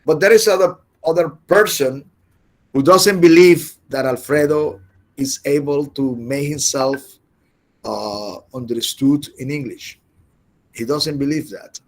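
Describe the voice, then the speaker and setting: A man teaching an English class over a video call, halting and often repeating words as he explains. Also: on the high side. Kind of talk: online class lecture.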